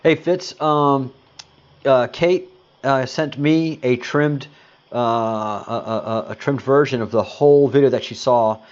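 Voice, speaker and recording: A man's voice: medium pitch, unhurried, darkish tone, muffled recording. A man hosting a casual livestream, greeting viewers and answering chat comments in a rambling, hesitant way with lots of fillers. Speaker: livestream host.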